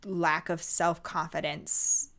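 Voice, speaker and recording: A woman's voice: low-pitched, little pitch movement, takes it slowly, fairly bright tone. A woman co-hosting a podcast in casual chat, gushing and enthusiastic about the books she loves. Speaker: podcast co-host.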